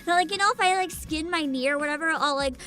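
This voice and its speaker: A woman's voice: high voice, fast. A young woman hosting a casual VTuber livestream, sleepy and giggly, reading chat aloud. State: sleepy and tired.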